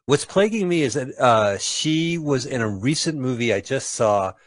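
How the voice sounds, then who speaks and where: A man's voice: mid-range voice, expressive, moderate pace, no room sound. Wry, dry-sounding male radio co-host. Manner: chatty, wry, searching for memories. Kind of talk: casual movie chat.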